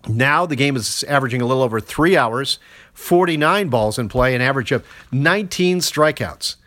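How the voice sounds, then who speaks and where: An older man in his sixties talks through baseball on his podcast, easygoing and conversational. He slips in dry jokes between strings of numbers. His voice sits in an ordinary middle pitch. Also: lively intonation, moderate pace, a bit bright. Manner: conversational, wry asides, stats-heavy. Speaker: podcast host. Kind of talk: solo sports commentary.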